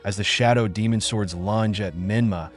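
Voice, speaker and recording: A man narrating a fan fiction story in a flat, hurried reading with slips. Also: lowish voice, faint music behind.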